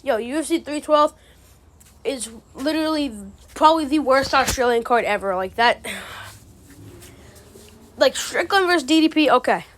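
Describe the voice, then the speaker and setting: A woman's voice: sits high, animated, normal speed, long pauses, a little hiss or hum. A woman giving casual, ranting commentary, exasperated and profane, full of slang. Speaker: MMA commentary channel host.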